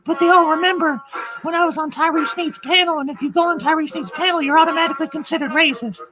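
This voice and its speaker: A woman's voice: very high-pitched, fast talker, voice pushed up. Woman mimicking a stammering ditzy woman. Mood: whiny babbling. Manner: stuttering, repeating filler words. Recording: dull lo-fi audio with music.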